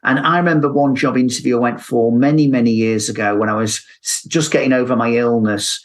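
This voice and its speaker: A man's voice: mid-range voice, fairly even intonation, brisk. Reflective male mentor giving advice. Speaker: mentor, interview guest. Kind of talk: advice talk.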